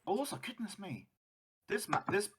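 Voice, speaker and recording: A man narrates as game master of a tabletop game. His pitch moves a lot as he talks, and he rambles and restarts his sentences often. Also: sing-song, moderate pace, noisy background. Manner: rambling, self-interrupting.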